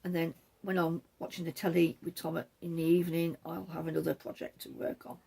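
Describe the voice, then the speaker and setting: A woman's voice: fairly low pitch, little pitch movement, a little fast, gravelly, warm tone, slightly rough. A woman hosting a knitting podcast from the back room of her home, chatting casually and wandering off topic now and then. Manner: rambling, self-deprecating, digresses. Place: back room at home, patio door open.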